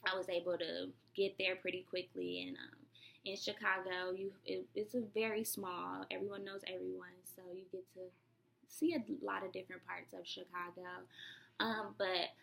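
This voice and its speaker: Bright, gravelly young woman telling a story. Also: lowish voice, moderate pace, slight background noise. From Illinois, US. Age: young adult. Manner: chatty, lively storytelling with many fillers, acting out quoted voices. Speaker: vlogger. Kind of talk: personal storytelling vlog.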